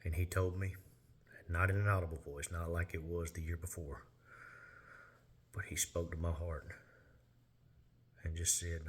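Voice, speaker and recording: A man telling a personal testimony in an earnest, plain-spoken way with halting pauses. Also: sits low, little pitch movement, slightly rough. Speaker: lay minister sharing testimony.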